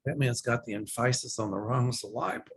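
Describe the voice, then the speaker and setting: A man acting as a psychic host answers viewer questions in a casual livestream Q&A, offering opinions freely. His mid-range voice is fairly quick and fairly bright. He says "um" a lot and often restarts.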